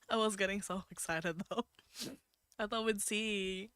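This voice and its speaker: Woman streamer, giggly and excitable, slow pace, dry close sound. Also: medium pitch, clean tone, dry recording. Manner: giggly, excitable, talks to chat. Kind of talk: game playthrough commentary.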